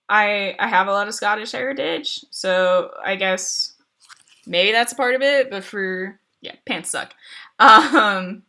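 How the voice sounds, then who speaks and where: A woman's voice: mid-range voice, gravelly, pushed and bright. A woman streamer chatting casually with viewers, rambling with lots of fillers and restarts and laughing often. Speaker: streamer answering chat.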